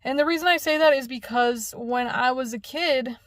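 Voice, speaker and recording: A young woman tells a long dream story in a loose, casual way. She swears freely and acts out the back-and-forth herself. Her voice sits fairly high and sounds close and dry, with no room around it. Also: moderate pace, no echo. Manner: animated, profane, acts out dialogue.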